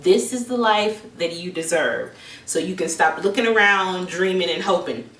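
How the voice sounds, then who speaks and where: A woman's voice: lowish voice, moderate pace, a bit bright, natural voice. A woman voicing a dismissive, bossy farmer who talks bluntly and in slang, recorded with a roomy echo from a distance.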